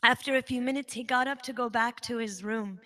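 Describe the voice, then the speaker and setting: A woman with a bright, high voice gives a devotional talk at a spiritual center. She tells her story with emphasis and animation, building each point as she goes. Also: steady tone, a little fast. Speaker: devotional speaker.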